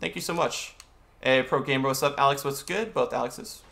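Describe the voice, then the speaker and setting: A man's voice: mid-range voice, normal speed, creaky, fairly bright tone, a little hiss or hum. A young man streaming a video game, chatting casually and greeting viewers and answering chat as he plays.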